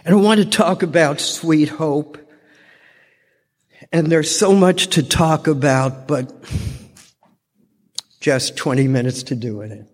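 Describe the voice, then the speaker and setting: An older man giving a heartfelt personal testimony as a speaker at a recovery fellowship meeting. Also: mid-range voice. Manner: slow, heartfelt storytelling. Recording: long reverb from a large hall.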